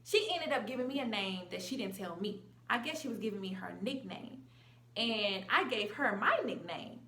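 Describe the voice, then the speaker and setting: Gravelly, bright-voiced young woman vlogger. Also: mid-range voice, moderate pace, echoey room, a little hiss or hum. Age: young adult. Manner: animated, slangy, acts out quotes. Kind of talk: casual storytime vlog.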